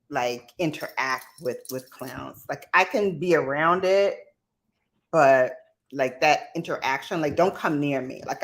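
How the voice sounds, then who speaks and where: A woman's voice: deep voice, a bit bright. A woman hosting a casual livestream, chatting in a rambling way, laughing often and reading out viewer comments. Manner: reads viewer comments aloud. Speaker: livestream host. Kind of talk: casual live chat.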